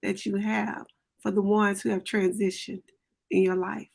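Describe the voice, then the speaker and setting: A woman with a gravelly, creaky voice speaking on a video call. She is emphatic and devout, hammering home her point by repeating key phrases. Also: medium pitch, level tone, a little slow, a little mellow. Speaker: panelist. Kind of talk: personal testimony.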